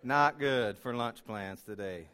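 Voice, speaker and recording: A man's voice: medium pitch, slow pace, pushed and bright, clean tone. A man preaching in church, chatty and openly emotional, with frequent "uh" fillers, joking about himself. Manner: emotional, chatty, self-deprecating, many fillers. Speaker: guest preacher. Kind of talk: sermon. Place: church sanctuary.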